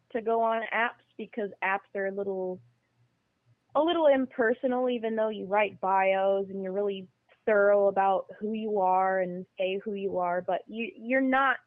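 A woman's voice: medium pitch, a little slow, no room sound. Woman guest calling in: blunt, emphatic opinions, tinny phone-line sound, dry. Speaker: podcast guest. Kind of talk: casual conversation. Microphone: phone call.

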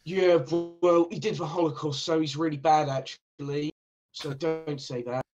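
A man's voice: on the high side, fairly even intonation, normal speed, lo-fi sound, over music. A man chatting on a podcast, dropping ironic, joking remarks. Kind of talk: casual chat.

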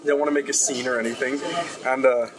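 A young man in casual talk, retelling a story in a rambling, animated way and acting out the dialogue. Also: medium pitch, fast talker, low-quality recording. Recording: crowd noise behind.

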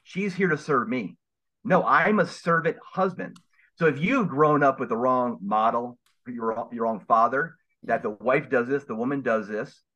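A man's voice: mid-range voice, normal speed, bright, forceful tone. A man speaking as a guest on a podcast, earnest and emphatic, with a preaching manner. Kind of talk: casual podcast interview. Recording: dull lo-fi sound.

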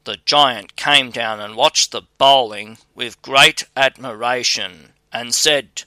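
A man reads a fairy tale in a measured, unhurried way. His voice is very bright and smooth. The recording is close and dry with no room sound. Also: medium pitch, no room sound. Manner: measured, even storytelling delivery. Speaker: narrator. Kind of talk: scripted fairy-tale narration.

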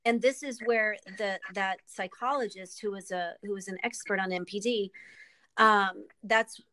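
A woman guest and author in a candid interview, speaking earnestly and with emotion, often pausing with ums and restarting. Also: medium pitch, steady tone, sharp tone, slight background noise, poor audio.

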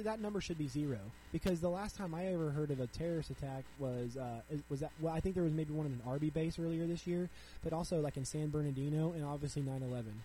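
Chatty young dad podcasting solo. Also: male voice, fairly high pitch, mellow, slight background noise, poor audio. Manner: chatty, frequent "like", reads articles aloud then riffs. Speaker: podcast host. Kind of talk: casual solo podcast commentary.

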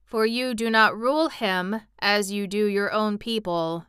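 Woman reads slow, formal clockwork man. Bright, crisp, very clear. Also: medium pitch, no echo, studio quality, lightly acted. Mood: calm. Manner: slow, deliberate, precise.

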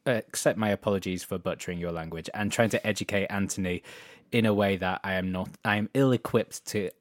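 A man's voice: sits low, fairly even intonation, a little fast, no room sound, clean studio sound. A British man co-hosting a music radio show, chatting casually between tracks in a rambling, self-correcting way. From Britain.

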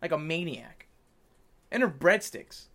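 Bright, animated young man on a podcast. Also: on the high side, unhurried. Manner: animated, swears a lot, laughs often. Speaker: podcast co-host. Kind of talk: casual crude banter.

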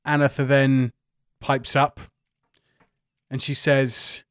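A man from the UK, narrating as game master with an animated, joking manner. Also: mid-range voice, slow, clear, resonant tone, no echo, clean studio sound. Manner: animated, joking, swears casually.

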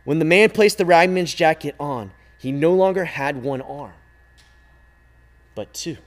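A man telling a parable slowly and expressively, calling out loudly at times and sinking to a hush at others. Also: a little high. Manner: slow, expressive telling, swinging from loud calls to hushed near-silence. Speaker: storyteller. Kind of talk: dramatic storytelling.

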